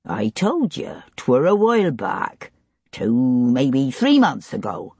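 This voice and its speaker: A woman narrator voicing a gruff, stocky, scarred male tavern keeper and ex-soldier with a West Country accent, in a surly, taunting manner. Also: a bass voice, huge pitch swings, slow pace, darkish tone, no echo, muffled recording, voice pushed down, heavily acted. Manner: surly, taunting, clipped dialect.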